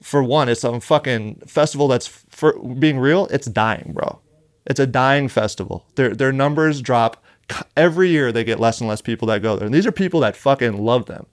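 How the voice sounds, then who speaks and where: Smooth-voiced, profane male rapper. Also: medium pitch, normal speed, no room sound, clean studio sound. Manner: blunt, heavily profane, heated. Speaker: horrorcore rapper, podcast guest. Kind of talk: casual interview storytelling. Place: podcast studio.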